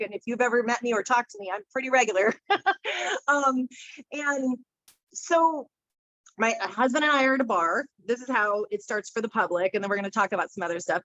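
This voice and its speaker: A woman's voice: on the high side, a bit bright, no echo. Woman medium, casual storyteller, quotes her friends with animation; dull lo-fi sound. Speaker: medium guest speaker. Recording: dull muffled sound, dry room.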